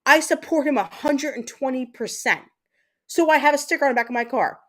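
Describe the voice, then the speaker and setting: A woman with a high voice hosts her own livestream. She talks straight to her viewers in an angry, blunt rant and swears freely. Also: a little fast, a bit bright. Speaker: livestream host.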